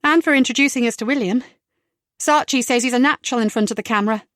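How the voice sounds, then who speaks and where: A woman voicing a spirited businesswoman in an audiobook, forthright and lively. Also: fairly high pitch, fast, no room sound, clean studio sound, natural voice. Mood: brisk.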